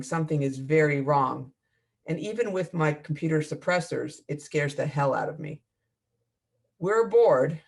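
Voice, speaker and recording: A man reads aloud from his own novel with a slightly high, gravelly voice. He keeps a measured, expressive storytelling pace and leans into the action. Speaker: author. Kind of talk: reading own fiction aloud.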